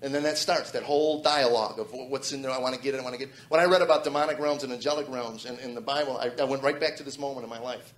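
Guy in his 40s telling his testimony, quick and earnest, lots of restarts, roomy echo. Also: mid-range voice, fairly even intonation. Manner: earnest, halting with repeated restarts. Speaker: testimony speaker. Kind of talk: personal testimony.

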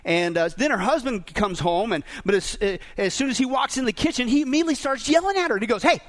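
A man's voice: very high voice, expressive, fast. A middle-aged man preaching a sermon as pastor, joking and firing questions at the congregation. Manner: jokey, asks the crowd questions.

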